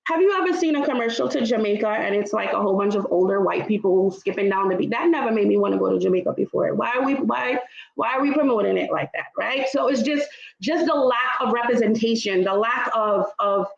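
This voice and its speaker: On a casual online travel discussion panel, a Trinidad-born woman with a blended Trinidadian and New York accent talks with emphasis and frequently asks "right?". Her medium-pitched voice is gravelly and a little fast, with reverberation and the highs cut off.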